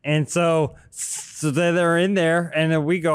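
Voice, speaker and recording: A man playing a tabletop game, rambling through a tale in deadpan character. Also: fairly high pitch, measured pace, smooth, dry recording. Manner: dry, rambling, deadpan storytelling. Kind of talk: in-character role-play.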